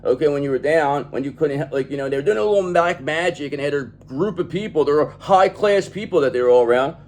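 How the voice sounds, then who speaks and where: A man's voice: a little high, fast. A man giving a tarot reading in an emphatic, profane manner, often checking in with "okay?". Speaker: tarot reader.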